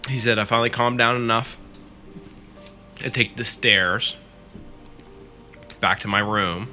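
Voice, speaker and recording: A man's voice: mid-range voice, fairly even intonation, a little slow, bright, forceful tone, faint music behind. A man casually retelling a friend's scary story in the first person, swearing freely as he goes.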